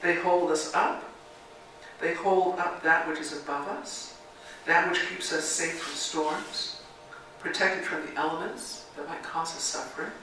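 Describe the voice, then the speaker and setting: A woman's voice: low voice, a bit bright, a little hiss or hum. A woman minister giving a reflective sermon and leading her congregation in guided meditation, speaking in a church sanctuary. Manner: reflective, leads call-and-response chanting. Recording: very echoey sanctuary, mic far off.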